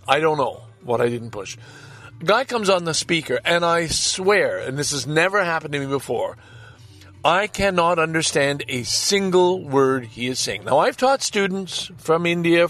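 An older man, a podcast host, tells a rambling, profane personal anecdote from his parked car, stammering and sounding exasperated. His voice is on the high side and a bit bright.

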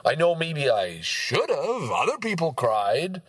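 A man in his sixties from Canada, talking in a rambling, profane monologue that swings between loud outbursts and low muttering. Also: wildly swooping pitch, slow, slightly rough, no echo. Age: 60s. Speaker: vlogger. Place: outdoors in a park.

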